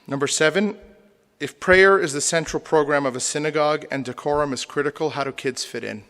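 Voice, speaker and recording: Rabbi guy talking to his congregation, lots of jokes and questions, slightly high voice, big echoey hall. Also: fairly quick, a bit bright. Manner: humorous, rhetorical questioning. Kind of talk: lecture to a congregation. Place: synagogue hall. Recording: long hall reverb.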